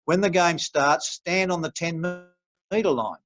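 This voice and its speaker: A man's voice: on the high side, animated, a little slow, fairly bright tone, soft background music, pitched above the performer's own voice. An older Australian man quoting a friendly blunt referee. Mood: explaining. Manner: lifted, chatty quoting voice. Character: New Zealand referee, a middle-aged man, friendly and blunt. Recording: dull lo-fi recording.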